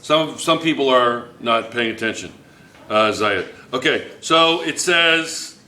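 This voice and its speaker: A man's voice: medium pitch, animated, takes it slowly, sharp tone, roomy sound. A man teaching a chemistry class, playful and joking, repeating phrases to his students. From United States.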